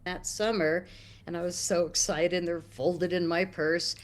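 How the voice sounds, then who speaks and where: A middle-aged American woman telling a long story in an interview, animated and acting out quotes with big jumps in pitch. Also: unhurried. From United States. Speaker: interview guest.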